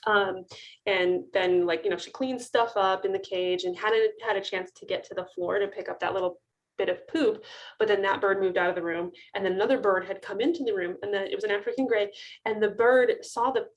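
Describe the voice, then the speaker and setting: A woman veterinarian in her thirties talks through a webinar from a video call. She tells clinic stories in a loose, chatty way, laughing often and restarting her sentences. Her voice sits in a middle pitch. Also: a little fast, lo-fi sound. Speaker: avian veterinarian. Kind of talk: webinar talk, casual storytelling.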